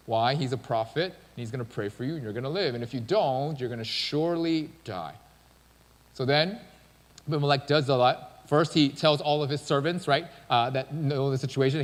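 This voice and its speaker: In a church sanctuary, a male pastor delivers a sermon casually, as if telling stories in conversation. His voice is on the high side, a little fast, and the recording carries long church-hall reverb.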